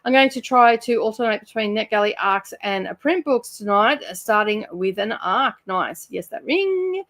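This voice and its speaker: A woman's voice: mid-range voice, animated, normal speed, fairly bright tone. Chatty Australian woman hosting a stream. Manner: chatty, reads out viewer comments, laughs often. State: sluggish and tired. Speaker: channel host running a reading sprint livestream. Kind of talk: casual livestream chat. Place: home room by her bookshelves.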